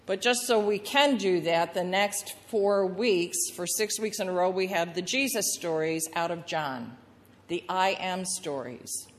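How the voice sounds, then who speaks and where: A woman pastor preaching a sermon, telling the story lively and acting out the voices of the people in it. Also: on the low side, unhurried, in a large hall. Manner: storytelling with acted-out voices of the crowd and Jesus.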